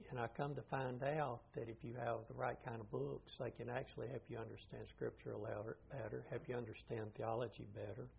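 A man's voice: mid-range voice, creaky, husky. An older man teaching an informal Bible study class, plain-spoken and thinking aloud as he goes. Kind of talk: informal lecture to a group. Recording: dull lo-fi recording.

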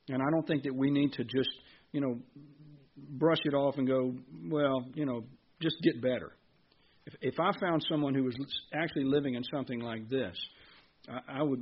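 A man's voice: mid-range voice, dull audio, slight background noise. A man preaching a sermon in a conversational way, asking the congregation questions.

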